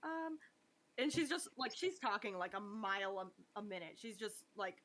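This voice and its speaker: Bright, giggly woman player. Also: medium pitch, expressive, normal speed. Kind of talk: describing her character in a tabletop game.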